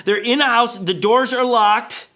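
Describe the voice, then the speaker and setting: A male pastor preaching a sermon in an animated storytelling manner. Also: extremely high pitch, measured pace, a little hiss or hum. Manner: animated, storytelling with acted voices.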